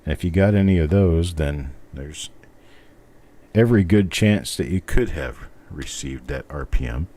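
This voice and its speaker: A man's voice: rumbling low, expressive, unhurried, dark tone. A middle-aged man hosting a live stream, chatting casually and thinking aloud as he goes. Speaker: host. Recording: faint background noise.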